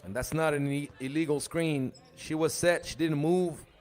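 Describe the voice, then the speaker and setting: A man's voice: a little high, fairly even intonation, moderate pace, a little mellow. A man doing live play-by-play commentary for a basketball tournament, joking and chatting between calls. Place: arena at a live 3x3 tournament.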